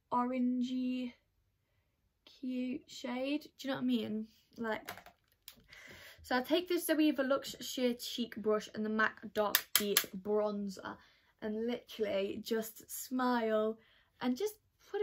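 Teen girl, beauty vlogger, bit high voice, rambling makeup chat. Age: teens. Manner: chatty, lots of "like" fillers. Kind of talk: get-ready-with-me makeup chat.

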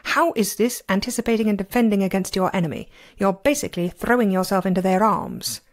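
A woman's voice: medium pitch, animated, brisk. A woman reading aloud and voicing a proud, exasperated male immortal master who talks with sarcastic indignation. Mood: scolding.

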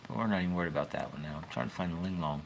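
A deep male voice races along with vocal fry, over a little hiss or hum. The speaker hosts a fishing channel, chatting into his phone in a rambling, folksy livestream peppered with wry asides.

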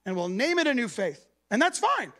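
A man preaching at a church gathering in a lively, conversational way, acting out other people's voices. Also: very high-pitched, a little fast. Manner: animated, conversational, acts out voices. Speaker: guest preacher. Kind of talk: sermon.

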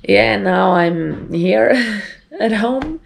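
A woman's voice: medium pitch, animated, drawn-out words, gravelly. A woman vlogging from home in a rambling, chatty way, her voice sore and strained from illness. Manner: rambling, chatty, with light laughs. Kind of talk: casual chat to camera.

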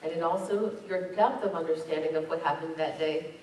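In a church sanctuary, a woman pastor delivers a sermon in a low voice with fairly even intonation and a fairly quick pace, reading scripture aloud and pressing her points with mounting emphasis. Recorded from a distance in the echoey room, the audio is very noisy.

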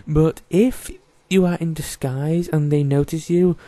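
A man's voice: fairly high pitch, fairly even intonation, a little slow, warm tone, dry recording. Joking man narrating a stealth game. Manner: chatty, joking, talks to game characters. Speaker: gaming YouTuber. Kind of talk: casual let's play commentary.

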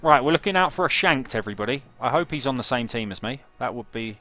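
A man's voice: mid-range voice, expressive, fast, pushed and bright, soft background music. A young man streaming a game, chatting casually and swearing as he reads chat and plays. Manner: sweary, jokey banter with chat. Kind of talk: casual gameplay commentary.

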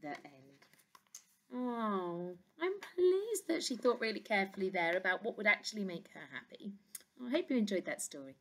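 A woman teacher reading a storybook aloud to young children, expressive, with gentle asides to her listeners. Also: medium pitch, moderate pace, slight background noise. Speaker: reception class teacher.

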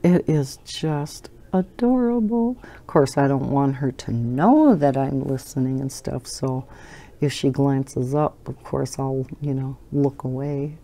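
A woman's voice: rumbling low, a little slow, mellow. An older woman hosting a coloring channel, chatting at home in a rambling way while she colors, with lots of fillers and fond laughs. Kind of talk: casual chat while coloring.

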